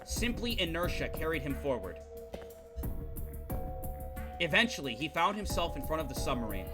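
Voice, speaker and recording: A young male streamer reading game text aloud in a hushed low voice and breaking off into profane rants at his chat. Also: very animated, normal speed, music in the background.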